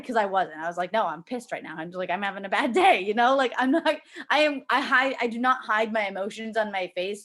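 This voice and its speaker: A young woman gives a casual pep talk to her sales team from home. She is chatty, says "like" constantly, and slips into lively acted-out voices when she quotes people. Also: medium pitch. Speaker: team leader coaching a sales team. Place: at home with a child nearby.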